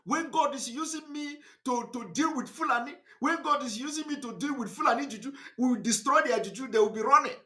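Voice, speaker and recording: A man's voice: very high voice, fairly quick, hardly any pauses, sharp tone. A man with a Nigerian accent giving an impassioned live online broadcast, emphatic and defiant, repeating his points. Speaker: activist broadcaster.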